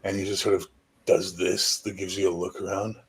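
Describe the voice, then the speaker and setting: A man's voice: sits low, flat delivery, brisk. A man narrating as game master in a tabletop game, rambling casually with many fillers.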